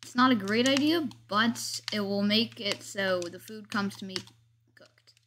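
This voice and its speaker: A woman's voice: medium pitch, unhurried, background noise. A woman chatting casually as she narrates her gameplay, commenting on every move and joking about herself. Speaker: gameplay video host.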